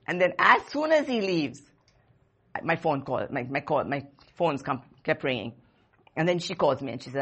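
Preaching to a young congregation, a woman in her fifties keeps her sermon earnest and conversational, repeating key phrases for emphasis. Her deep voice is sing-song and slightly rough, at normal speed.

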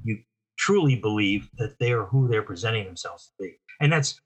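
An older man from New Jersey, a guest telling stories in a casual, animated interview with frequent restarts. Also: fairly low pitch, a little fast, slightly rough.

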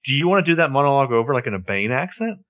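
A man's voice: medium pitch, sing-song, racing, fairly bright tone, muffled recording. A man co-hosting a podcast, narrating plot points with sarcastic commentary in casual chat. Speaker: podcast co-host.

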